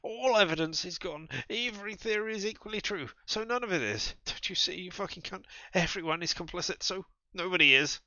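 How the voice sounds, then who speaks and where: A man voicing a vicious cornered man who shouts insults in a raised voice. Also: high voice, brisk, few pauses, no room sound, highs cut off, voice pushed up. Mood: furious ranting.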